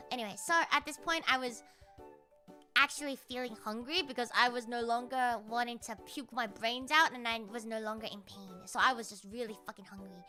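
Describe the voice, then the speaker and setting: A young woman streamer telling a story casually, animated and full of swearing, often laughing and mimicking other people. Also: on the high side, moderate pace, faint music behind.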